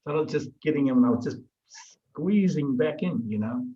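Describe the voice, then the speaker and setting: A man in casual conversation, telling a story with lively energy and frequent restarts. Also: on the high side, fairly quick, lo-fi sound. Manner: animated, lively storyteller who repeats and restarts words. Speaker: guest in a group discussion.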